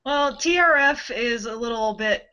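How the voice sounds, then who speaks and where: A woman's voice: fairly high pitch, expressive, unhurried, sharp tone, muffled recording. A woman in a casual podcast chat, telling stories in an easygoing way.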